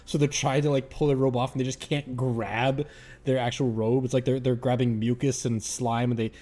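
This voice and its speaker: A man narrating as game master of a tabletop game, rambling and animated. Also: medium pitch, normal speed.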